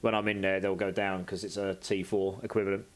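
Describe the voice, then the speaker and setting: A man's voice: sits low, flat delivery, brisk. Chatty British man streaming a game. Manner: chatty, reads viewer messages aloud and answers them. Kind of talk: casual live-stream chat.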